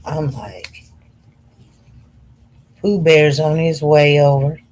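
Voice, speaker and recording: A woman's voice: low voice, a little mellow. A woman, chatting casually on a livestream, reading viewer comments and calling her viewers y'all. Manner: chatty, slow and meandering, addresses viewers as y'all. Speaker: livestream host.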